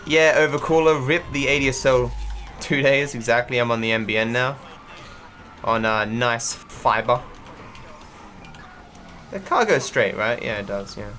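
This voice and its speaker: A man's voice: mid-range voice, unhurried, pauses often, bright, forceful tone, faint music behind. A man from Australia with a mixed accent that doesn't sound typically Australian, chatting casually while streaming a game, rambling with lots of restarts and some swearing. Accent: mixed, not typically Australian. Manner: rambling, many fillers and restarts, swears freely. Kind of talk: casual livestream commentary while gaming.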